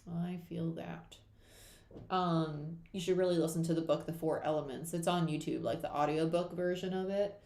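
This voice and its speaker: A young woman rambles through a casual live chat with her viewers. She fills her talk with "like" and "um" as she drifts from one thought to the next. Her voice sits low and mellow, caught by a computer mic in an echoey room. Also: fairly even intonation, normal speed. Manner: rambling and chatty, many fillers, talks to viewers while doing makeup. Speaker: tarot reader hosting a live chat.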